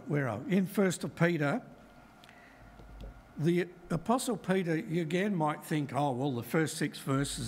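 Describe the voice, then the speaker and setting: A middle-aged man giving a Bible talk to a congregation, measured and emphatic as he works through verses. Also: fairly high pitch, slight background noise. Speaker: lay preacher.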